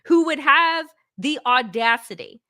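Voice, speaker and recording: A woman's voice: high voice, animated, a little slow, bright, forceful tone, no echo, clean studio sound. A middle-aged woman hosting her own show, talking through politics in a casual, indignant way, swearing freely and using lots of fillers. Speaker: political commentary host.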